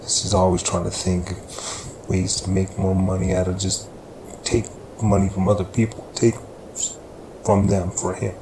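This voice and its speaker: A man's voice: low-pitched, little pitch movement, a little slow. A man narrating a crime story in a loose, rambling way with fillers. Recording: echoey room with background noise.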